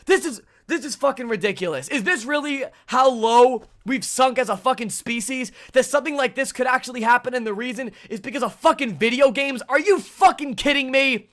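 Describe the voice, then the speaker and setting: A young man hosting a gaming channel, delivering an angry, profane rant to camera with bursts of shouting. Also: very high voice, fairly quick, few pauses. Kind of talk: angry ranting commentary.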